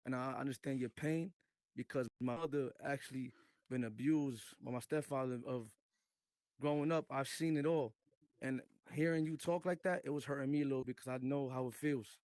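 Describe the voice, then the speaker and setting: A man in an online voice chat who speaks earnestly and haltingly, offering comfort and religious encouragement. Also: mid-range voice, a little mellow, no echo. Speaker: participant. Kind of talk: casual group voice chat.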